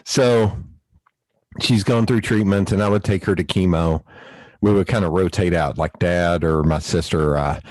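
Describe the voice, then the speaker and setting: Deep-voiced man telling stories. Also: moderate pace, no echo, low-quality recording. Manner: animated, laughs often while telling family stories. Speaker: podcast host. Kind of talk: casual storytelling chat.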